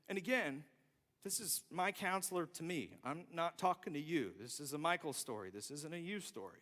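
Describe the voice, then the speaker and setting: A man telling a personal story in a sermon, self-deprecating and animated. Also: on the high side, a little fast. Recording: long reverb from a large hall.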